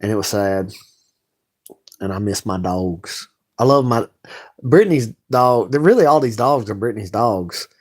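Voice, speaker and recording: This livestream host has a lowish, animated voice and takes his time, leaving long pauses. Late at night from home, he rambles through a blunt rant full of profanity.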